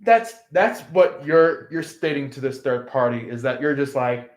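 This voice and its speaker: A man's voice: mid-range voice, moderate pace. A man giving a casual tarot reading in a rambling way, with many fillers, and acting out quotes in an echoey room. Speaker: tarot reader.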